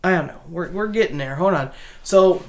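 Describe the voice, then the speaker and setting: A woman's voice: on the low side, normal speed, a little mellow. A woman casually retelling a horror film's plot, rambling, with many restarts and asides. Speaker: movie reviewer. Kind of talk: casual spoken movie recap.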